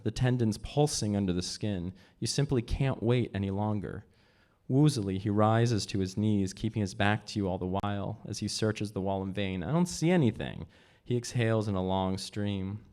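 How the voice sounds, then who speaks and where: A man reading aloud from his own novel at a live event, measured, lifting his voice for the characters' lines. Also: a little mellow. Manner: measured, voices dialogue with pitch jumps.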